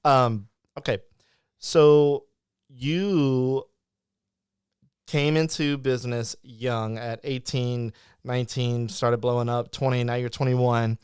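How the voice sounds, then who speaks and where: A man's voice: medium pitch, fairly even intonation, slow pace, long pauses, darkish tone, clean tone, dry recording, clean studio sound. A man hosting a live podcast interview, chatting casually and rambling, with lots of restarts and acted-out quotes. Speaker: podcast host.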